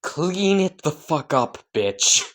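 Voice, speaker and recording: A man's voice: mid-range voice, takes it slowly, close to an everyday voice. A man doing a sneering drunk abusive dad. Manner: sneering, cursing, barking orders. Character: drunk abusive father, cruel and mocking.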